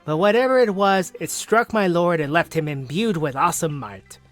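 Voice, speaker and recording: A man's voice: a little high, moderate pace, soft background music, lightly acted. A man voicing a boastful, proud male clan warden for a game, with pompous, grandiose declarations.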